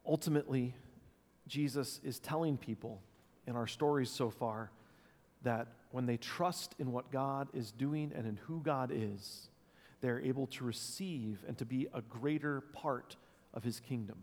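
A man preaching a sermon as pastor, thoughtful and unscripted, pausing with fillers and restarts. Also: medium pitch, a little mellow. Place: church sanctuary. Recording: long church reverb.

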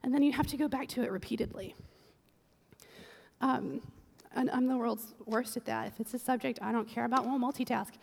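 A woman preaching a casual, humorous sermon, chatty with quick joking asides. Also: fairly high pitch, steady tone, vocal fry. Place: church sanctuary. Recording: long church-hall reverb.

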